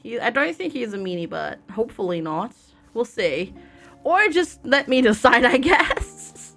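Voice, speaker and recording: A woman's voice: a little high, very animated, slow pace, creaky, long pauses, fairly bright tone, faint music behind. A woman from Germany streaming a game live, chatting casually and greeting viewers by name into a desk microphone.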